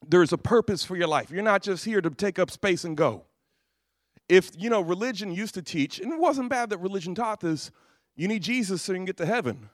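A man with a high voice preaches a lively sermon, telling stories and acting out the voices of the people in them. He laughs at his own jokes as he goes. The sound is dry and close, with no room echo. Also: brisk. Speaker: pastor.

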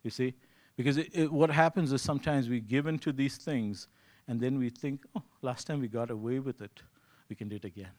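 Male preacher, conversational sermon, mid pitch, acts out quotes. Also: brisk, hardly any pauses, darkish tone. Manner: conversational, repeats "you see"; acts out his own inner voice in quotes.

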